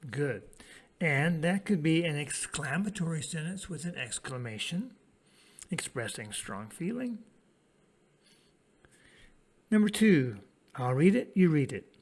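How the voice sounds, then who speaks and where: A man teaching an English grammar lesson to children, prompting his pupils to repeat lines and pausing for their answers. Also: on the high side, husky. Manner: lively, sing-song classroom delivery.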